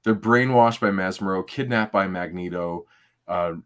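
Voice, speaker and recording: A man's voice: deep voice, normal speed, a bit bright. A middle-aged man co-hosting a livestream, talking in a rambling, laid-back way with plenty of fillers. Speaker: podcast co-host. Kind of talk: casual livestream chat.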